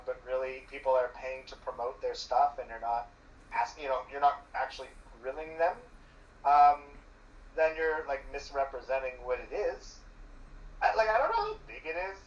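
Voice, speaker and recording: In a casual conversation, a male journalist appearing as a guest gives long, rambling explanations packed with filler words. His voice is on the high side and expressive at a normal speed, picked up by a muffled, distant, roomy mic.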